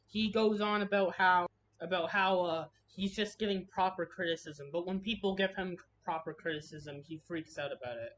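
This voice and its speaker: A woman's voice: lowish voice, a bit bright, a little hiss or hum. A woman delivering a harsh, heated commentary rant, swearing freely and restarting her sentences. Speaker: commentary video creator. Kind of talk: ranting commentary.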